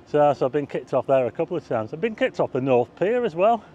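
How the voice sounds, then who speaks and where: A man's voice: a little high, sing-song, quick pace, warm tone, highs cut off, a little hiss or hum. A man giving a chatty, rambling walking-tour commentary outdoors at night, pointing things out to his viewers. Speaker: vlogger. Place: outdoors, car park roof and town streets at night.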